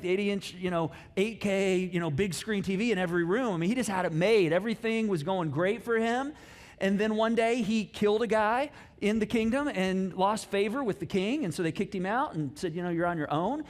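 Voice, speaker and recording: Pastor guy w a highish voice preaching, super casual, jokey asides, acts out the lines. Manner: casual storytelling with playful asides and acted-out dialogue. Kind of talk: sermon. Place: church auditorium.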